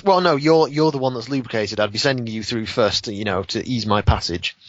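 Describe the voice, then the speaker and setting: A man's voice: medium pitch, heavy background noise. A man playing in a casual tabletop game, laughing often and restarting his sentences. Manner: lively, laughing, halting restarts. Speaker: player. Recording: dry, slightly muffled lo-fi audio.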